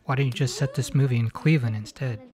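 A man's voice: mid-range voice, fairly even intonation, fast, darkish tone. A man hosting a comedic movie commentary, mocking the film in a sarcastic tone. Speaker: host.

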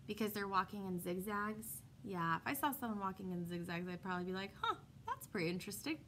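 Brisk and fairly bright, a young woman's mid-range voice carries a read-aloud story lesson for young children, with a little hiss or hum on the recording. She's a kindergarten teacher who asks questions, answers them herself, and chats in between.

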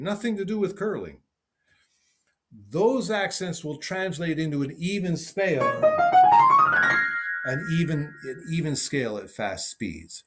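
A man's voice: fairly high pitch, animated, measured pace. A man teaching a piano lesson over a video call, thinking aloud and repeating short phrases as he demonstrates. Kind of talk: online teaching session.

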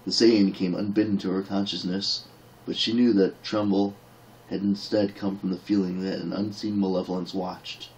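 A man's voice: low-pitched, flat delivery, normal speed, a little mellow, low-quality recording. A man reading a fantasy novel aloud as an audiobook narrator, dramatic in action scenes.

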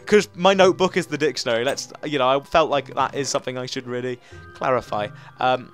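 A man's voice: mid-range voice, animated, fast talker, fairly bright tone, soft background music. A young English man chatting through a game, narrating his moves and mocking himself. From England. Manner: chatty, self-mocking, talks to himself while playing. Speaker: gaming YouTuber. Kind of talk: let's play commentary.

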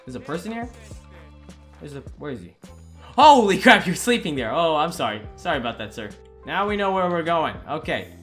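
A young man talking over his gameplay into a desk mic, excitable and quick to exclaim. His voice is bright and lively, bouncing up and down in pitch, and sits a little high for a man. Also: soft background music. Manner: excitable, exclaiming and joking at the game. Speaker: gaming YouTuber. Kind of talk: let's-play commentary.

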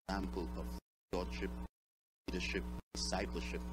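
A man presenting at an awards ceremony, speaking in a measured way, spelling out terms, with many pauses and fillers. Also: on the low side, animated, background noise. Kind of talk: ceremonial speech.

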